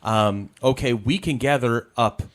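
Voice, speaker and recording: A man in casual film chat, talking in a lively, rambling way with lots of "you know". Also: mid-range voice, measured pace. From Rochester, New York area. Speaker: podcast co-host. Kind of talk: casual chat about films.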